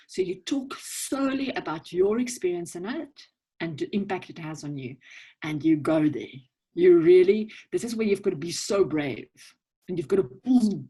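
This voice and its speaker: Speaking over a low-quality video call, a South African woman coaches a virtual networking audience in a casual, joking, direct way, tossing in "okay?" and "right?" often. Her voice sits on the low side with a breathy edge.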